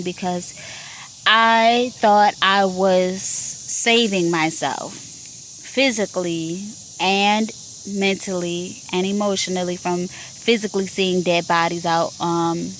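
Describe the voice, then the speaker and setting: A woman's voice: medium pitch, a bit bright, slight background noise. A woman hosting a podcast, talking in a casual monologue about her work as a 911 telecommunicator, emphatic and repeating herself as she makes her point.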